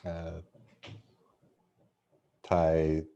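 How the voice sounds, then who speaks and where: Very slow, deep, gravelly-voiced man. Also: monotone, warm tone, highs cut off. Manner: hesitant, searching for words. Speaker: student. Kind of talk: language lesson practice.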